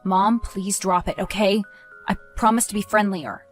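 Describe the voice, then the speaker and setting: A woman voicing a stressed teenage high school boy who talks tensely and pleads, then snaps into anger. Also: moderate pace, soft background music, lightly acted.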